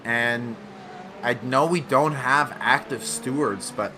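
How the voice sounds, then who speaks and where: A man commentating a sim racing league event, excitable and often correcting himself mid-sentence. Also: mid-range voice, takes it slowly, a little hiss or hum. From United States. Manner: excitable, self-correcting, laughs along. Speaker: race commentator.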